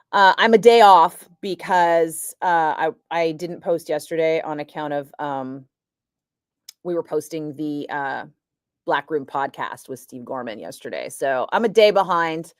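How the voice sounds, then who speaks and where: A middle-aged woman, a radio host, telling a story in a chatty, animated way and laughing often. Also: on the low side, no room sound, clean studio sound. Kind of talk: casual storytelling chat.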